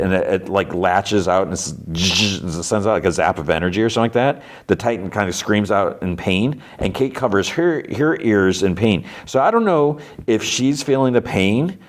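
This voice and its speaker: A man hosting a podcast, casually recapping an episode in a rambling way with lots of fillers and short acted-out lines. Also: lowish voice. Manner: rambling with many fillers, briefly acting out characters' lines in a raised voice. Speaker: podcast host.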